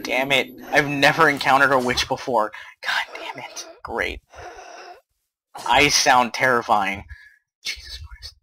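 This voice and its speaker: A young man giving casual game commentary, jumpy and swearing, swinging between hushed muttering and panicked yells. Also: mid-range voice, slow, long pauses, a little hiss or hum, poor audio. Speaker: gamer.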